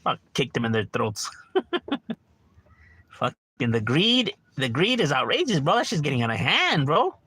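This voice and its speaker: Animated, swearing middle-aged man ranting. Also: fairly high pitch, fairly quick, slightly rough, dry recording. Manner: profane, animated, says "bro" constantly. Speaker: game streamer. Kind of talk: casual livestream rant. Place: at home.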